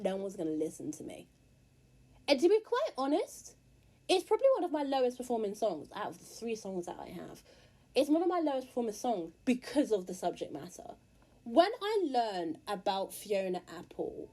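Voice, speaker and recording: A woman's voice: mid-range voice, a little mellow. A British woman, a musician, talking candidly and bluntly to the camera in a casual monologue. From England. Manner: candid, blunt, earnest, swears freely. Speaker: musician and YouTuber.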